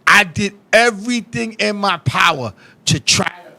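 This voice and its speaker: A man telling wild stories on a casual podcast, animated and profane, now and then bursting into shouts. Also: sits high, measured pace, vocal fry. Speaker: guest, independent wrestler.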